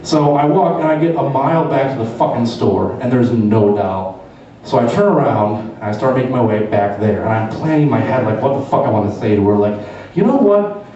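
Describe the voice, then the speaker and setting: A man's voice: mid-range voice, a little fast, mellow. Profane male comedian in an echoey club. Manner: profane storytelling. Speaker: stand-up comedian. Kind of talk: stand-up routine. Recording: echoey, dull live club from far.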